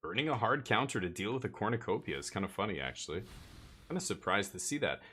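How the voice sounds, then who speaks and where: Lively, bright-voiced male game streamer. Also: lowish voice, fast talker, husky. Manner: thinking aloud, muttering plays to himself. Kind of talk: casual live card-game commentary.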